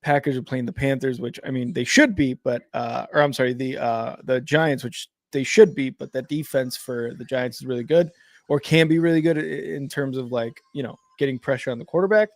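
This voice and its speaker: A man's voice: mid-range voice, brisk, no echo. A man co-hosting a live game watch-along, talking casually with lots of fillers and restarts, calling plays as they happen. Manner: rambling, filler-heavy, self-correcting. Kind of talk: casual live sports chat and play-by-play reactions.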